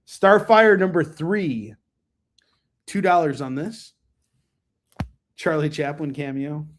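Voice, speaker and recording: Rambling American comic seller hosting a live show. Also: male voice, fairly high pitch, takes it slowly. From United States. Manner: rambling, joking, lots of ums and asides. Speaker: host and comic book seller. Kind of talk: casual live-stream sales chat.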